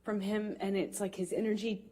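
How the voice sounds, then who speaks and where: Emotional woman testifying, halting speech. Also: medium pitch, little pitch movement, mellow. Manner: halting, emotional recounting with fillers. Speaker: witness testifying. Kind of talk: courtroom testimony.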